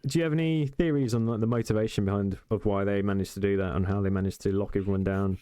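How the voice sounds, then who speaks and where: A male podcast host asking loose, halting questions in casual conversation. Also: on the low side, fairly even intonation, warm tone, clean tone, no room sound.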